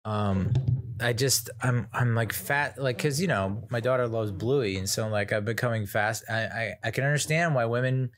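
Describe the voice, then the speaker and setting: A man's voice: mid-range voice, normal speed, few pauses, fairly bright tone. An American man in his thirties, a comedian telling a rambling, self-deprecating story full of restarts. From United States. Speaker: comedian host.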